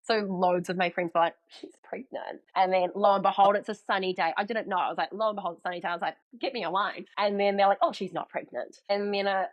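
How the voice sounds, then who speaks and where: A woman's voice: medium pitch, very fast, hardly any pauses, poor audio. A young woman with a New Zealand accent, a podcast guest telling a personal story in casual chat and acting out what people said. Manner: animated storyteller, acts out quoted lines.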